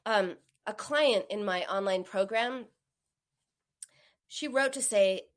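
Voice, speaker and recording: A woman's voice: medium pitch, slow. A woman giving a coaching talk to an audience, acting out the quoted voices. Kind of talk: motivational talk on binge eating.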